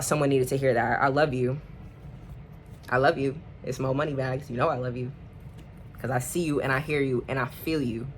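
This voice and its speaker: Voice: medium pitch, slight background noise. A tarot reader speaking straight to the viewer, emphatic and repeating affirmations. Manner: addresses viewers warmly and directly. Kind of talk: direct-to-camera tarot reading.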